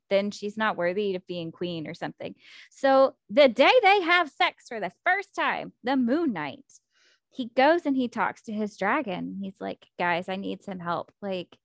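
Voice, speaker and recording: Chatty woman, indignant book recap, slightly high, dry close mic. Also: no room sound. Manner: animated, indignant retelling with swearing. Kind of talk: casual chat about a book.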